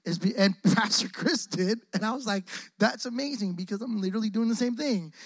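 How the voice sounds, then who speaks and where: A young man preaching a lively call-and-response sermon in a church hall, joking often and using lots of casual slang. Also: high-pitched, brisk. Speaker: guest preacher. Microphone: close microphone on the speaker.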